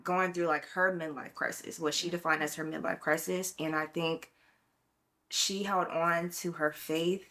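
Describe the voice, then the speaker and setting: Low-voiced young woman, heartfelt storyteller. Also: fairly even intonation, a little slow, pushed and bright. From Brooklyn, New York. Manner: heartfelt, reflective storytelling with many fillers. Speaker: podcast co-host. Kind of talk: casual chat.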